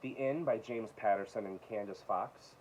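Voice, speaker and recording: A man casually showing his book collection, reading titles aloud with quick offhand asides. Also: on the low side, darkish tone, a little hiss or hum, poor audio. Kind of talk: casual show-and-tell of books.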